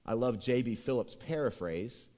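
Lively, emphatic male preacher. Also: medium pitch, normal speed. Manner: emphatic preaching, swinging between hushed and loud. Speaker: pastor. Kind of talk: sermon.

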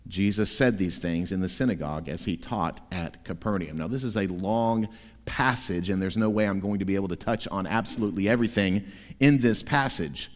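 A man preaching a sermon as pastor, emphatic, with forceful peaks. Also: medium pitch, in a large hall. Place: church sanctuary.

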